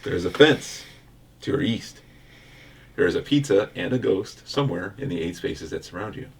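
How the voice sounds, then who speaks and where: A man with a low, gravelly voice runs a board game for his friends, announcing each turn's results in a steady, formal tone. His pitch still swings widely when he jokes, and a faint hiss sits under the recording. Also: moderate pace. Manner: even, formal announcing with frequent laughter. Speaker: game master.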